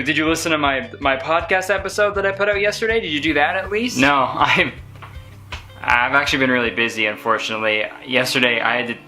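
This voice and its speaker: A man's voice: mid-range voice, pushed and bright, natural voice. A man acting out a pushy creator who pesters a fan about his content, playing both sides of the scene. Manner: acts out both sides of a mall encounter. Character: pushy self-promoting male creator badgering a fan.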